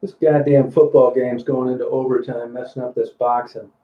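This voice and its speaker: A man's voice: mid-range voice, level tone, moderate pace. A man with a Kentucky accent chatting casually on a live stream, cooing baby talk to his dog and swearing at the TV. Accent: Kentucky Southern. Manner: swears at the game on TV. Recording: echoey far-off phone-like audio.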